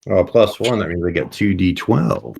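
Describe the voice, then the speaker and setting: Man, tabletop player, casual, lowish pitch. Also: normal speed, creaky, darkish tone, slight background noise.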